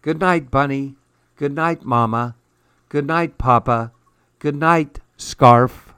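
A man doing a soft-spoken little girl. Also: medium pitch, slow, clear, resonant tone, no echo, clean studio sound, pitched above the performer's own voice. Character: little girl, polite and sensible.

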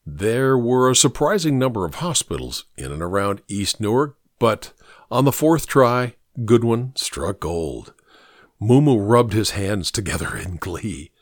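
A man narrates an audiobook with lively, shifting pitch. His voice is recorded dry and close with no room sound. He tells the story in a steady, expressive way. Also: measured pace, no echo.

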